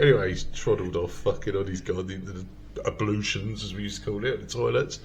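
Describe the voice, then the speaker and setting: A man's voice: lowish voice, a little fast, a little hiss or hum. A man hosting a comedy podcast, telling a rowdy story in casual chat and swearing freely. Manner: swears a lot, loud storytelling with acted quotes. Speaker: podcast host.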